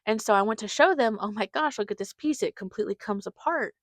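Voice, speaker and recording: A woman's voice: medium pitch, fast, no room sound. A woman hosting a podcast, telling a rambling, chatty story and acting out what her family said. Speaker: podcast host. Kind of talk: casual storytelling monologue.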